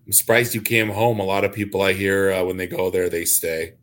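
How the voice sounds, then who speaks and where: A man's voice: low-pitched, a little fast. Jokey male podcast host. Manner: jokey, animated storyteller. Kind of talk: casual chat.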